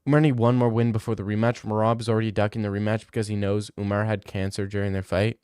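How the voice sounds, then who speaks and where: Blunt young man with a smooth voice. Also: fairly low pitch, level tone, fast talker, a little mellow, no echo, studio quality. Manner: laid-back, blunt, swears casually. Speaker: streamer. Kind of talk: casual chat, reading viewer messages.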